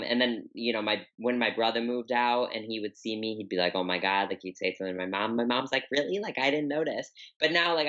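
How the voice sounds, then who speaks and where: A young woman with a deep, low voice for a woman, talking candidly and rambling with lots of fillers as a podcast guest. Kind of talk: casual interview talk. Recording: dull, muffled audio.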